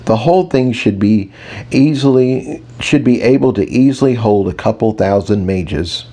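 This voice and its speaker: A man's voice: fairly low pitch, normal speed, dark tone. A man narrating a fantasy audiobook in the first person, wry and conversational.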